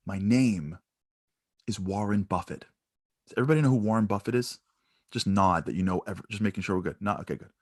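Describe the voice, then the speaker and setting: A man's voice: low-pitched, no room sound, studio quality. A man giving a motivational talk, telling a story to an audience. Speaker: motivational speaker.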